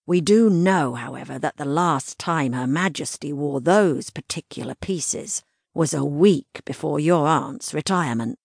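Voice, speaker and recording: A woman's voice: deep voice, unhurried, gravelly, slightly rough, no room sound, studio quality, full character voice. A woman voicing a reluctant, by-the-book male police inspector in a children's storybook, weary and formal.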